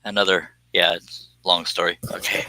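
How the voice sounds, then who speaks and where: A man's voice: sits low, little pitch movement, fairly quick, sharp tone, no echo. A man with a Southern US accent chatting casually to viewers on a phone live stream, rambling and self-deprecating with frequent chuckles.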